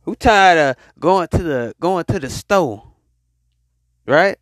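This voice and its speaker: A man's voice: on the high side, lively intonation, fairly bright tone, no room sound, clean studio sound. A man hosting his podcast, preaching. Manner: call-and-response exhortation, drawn-out hype. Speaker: podcast host. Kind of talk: motivational preaching monologue.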